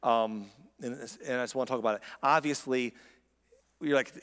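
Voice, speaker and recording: A man's voice: medium pitch, moderate pace, a bit bright, big-room sound. A man preaching a sermon in a conversational, impassioned way, speaking directly to his listeners. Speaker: pastor.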